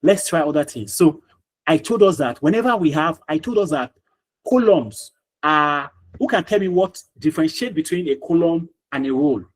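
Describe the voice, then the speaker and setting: A man's voice: a little high, expressive, normal speed, low-quality recording. A man teaching a live online class over a video call, repeating himself and quizzing students by name.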